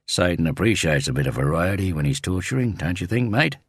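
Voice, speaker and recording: A hard-living tattooist talks in wry, unhurried banter through a very deep voice, as a male narrator puts him on. The sound is close and dry, like the rest of the reading. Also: lively intonation, husky, dry recording, exaggerated voice.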